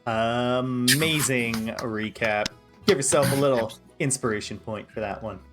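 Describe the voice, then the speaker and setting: A man's voice: mid-range voice, measured pace, loud music behind the voice. A man running a tabletop game as game master, easygoing with his players and setting the scene in narration.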